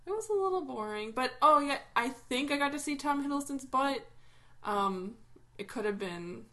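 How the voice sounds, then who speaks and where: A woman co-hosting a casual podcast chat, rambling and pausing often with ums. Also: sits high, lively intonation, fairly bright tone. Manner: rambling, hesitant with many ums. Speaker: podcast co-host.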